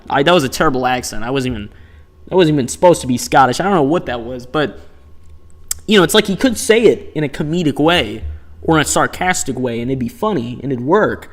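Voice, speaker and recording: A man's voice: fairly high pitch, lively intonation, brisk. A man streaming live gameplay, chatting and reacting with incredulous, laughing asides.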